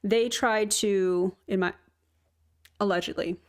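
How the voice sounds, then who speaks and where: A woman hosting a reaction commentary, talking back to clips in a sarcastic, joking way with quick asides. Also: mid-range voice, steady tone. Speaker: commentary host.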